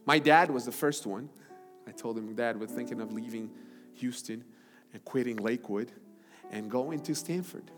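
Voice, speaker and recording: A man preaching a sermon as pastor, swinging from loud, high-pitched calls to hushed, low passages. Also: moderate pace. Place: church sanctuary. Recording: large hall with long reverb and music.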